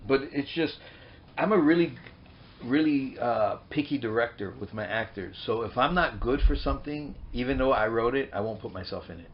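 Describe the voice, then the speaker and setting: A middle-aged man and comedian turned filmmaker, chatting in an animated, rambling way with many restarts as an interview guest on a boat. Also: mid-range voice, moderate pace. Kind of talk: casual interview chat. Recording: muffled lo-fi recording with faint noise.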